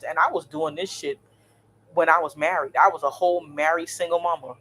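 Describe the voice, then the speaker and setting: A woman, in her thirties, telling a story in a blunt, animated, cursing vlog style. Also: sits low, brisk, slight background noise. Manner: blunt, animated, swears freely. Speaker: vlogger.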